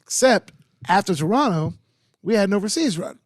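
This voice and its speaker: High-voiced man telling a quick anecdote. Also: no room sound, studio quality. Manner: animated, profane, stumbling restarts. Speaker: podcast co-host. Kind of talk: casual chat, storytelling. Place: podcast studio.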